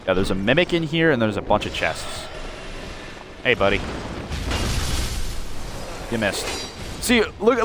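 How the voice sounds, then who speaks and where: A man talks off the cuff while he plays, rambling and breaking off his own sentences. His pitch jumps around a lot. A clear hiss of background noise sits under his voice. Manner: rambling, restarts often, self-interrupting. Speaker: gaming video creator. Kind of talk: unscripted gameplay rant.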